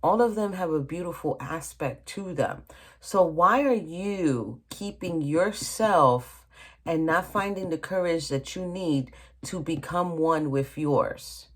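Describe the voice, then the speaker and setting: A woman's voice: low voice, slow. A woman tarot reader giving a casual reading at her table, talking straight to the viewer and often checking in with "okay?" and calling them "honey". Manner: chatty, addresses viewer directly, frequent "okay?" and "honey".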